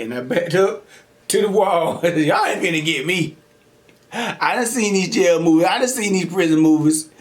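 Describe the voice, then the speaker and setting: A man's voice: sits high, expressive, moderate pace. A young man hosting an eating show, telling a story casually, laughing often and acting out quotes. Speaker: mukbang host.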